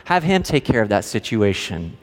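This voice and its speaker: A self-doubting man begs to be let off the task, his voice lifted a touch higher than usual and pleading, as a preacher acts him out. The words ring out in a large hall with a long trailing echo. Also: big pitch swings, normal speed. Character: anxious reluctant man pleading excuses to God.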